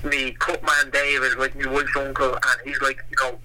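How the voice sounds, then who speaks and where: A middle-aged Irish man, a former boxer, telling stories in a rambling, animated way with lots of fillers. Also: mid-range voice, moderate pace, a little hiss or hum, low-quality recording. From Ireland. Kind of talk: casual storytelling interview.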